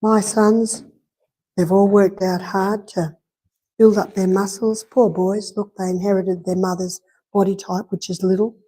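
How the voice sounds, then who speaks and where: A woman's voice: medium pitch, flat delivery, unhurried, mellow. A middle-aged woman with an Australian accent giving a live health lecture in a church hall, chatty, repeating key points and telling anecdotes. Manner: conversational, repeats points for emphasis, tells anecdotes.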